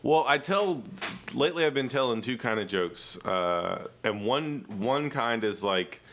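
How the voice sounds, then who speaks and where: A man's voice: medium pitch, a little slow, a little hiss or hum. A young man, a stand-up comedian, chatting casually as a podcast guest and acting out the voices in his stories. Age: young adult. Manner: animated storyteller, acts out quotes.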